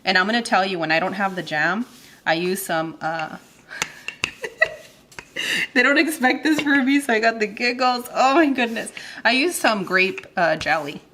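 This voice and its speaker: Bright-voiced woman in her thirties hosting. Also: fairly low pitch, a little hiss or hum. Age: 30s. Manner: chatty and giggly, counts aloud while working. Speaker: cooking channel host. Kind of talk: casual cooking demonstration. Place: home kitchen.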